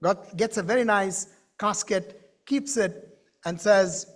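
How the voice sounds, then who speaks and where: A man telling a story to a conference audience in an animated way, with questions to the crowd. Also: high-pitched, takes it slowly. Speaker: keynote speaker. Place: conference stage.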